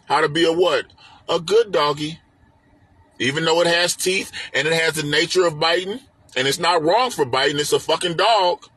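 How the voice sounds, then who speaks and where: Speaking fairly quickly in a pushed, bright, husky voice pitched a little high, a man teaches a spiritual text on a live stream. The phone or webcam audio has no echo. His delivery is preachy and emphatic, full of repetition and rhetorical questions.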